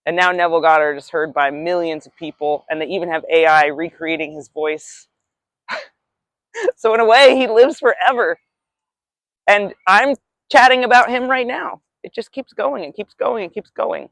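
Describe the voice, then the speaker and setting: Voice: mid-range voice, normal speed, fairly bright tone, no room sound. A vlogger talks in a loose, rambling way about spiritual ideas, reflective and now and then swearing. The voice sits mid-range, recorded dry and close outdoors by the shore. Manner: rambling, reflective, casually profane. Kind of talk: casual spiritual musing.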